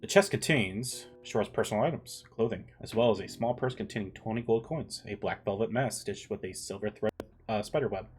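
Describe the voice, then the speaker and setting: A man with a lowish voice runs a tabletop game as game master, loose and joking, pausing and correcting himself as he reads out loot and rules. Soft guitar music plays faintly behind him. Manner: relaxed, joking, stumbles over rules text.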